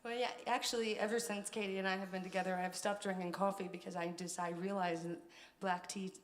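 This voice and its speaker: A woman's voice: mid-range voice, flat delivery, brisk, a little hiss or hum. A woman guitarist chatting playfully with her partner and the audience between songs at a live show. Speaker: performing guitarist and singer. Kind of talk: casual on-stage banter. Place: live music venue.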